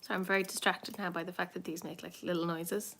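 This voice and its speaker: An Irish woman in her thirties hosts a casual livestream from her phone, walking from her home out into the garden while cooing at her cats. She rambles and mocks herself, talking fast in a lowish, pushed, bright voice with vocal fry and little pitch movement.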